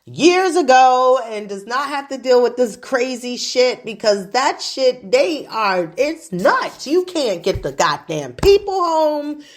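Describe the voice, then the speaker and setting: A woman's voice: sits high, very animated, slow pace, hardly any pauses. A woman in her forties hosting a casual chat show, telling stories in a chatty, profane way. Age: 40s. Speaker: host.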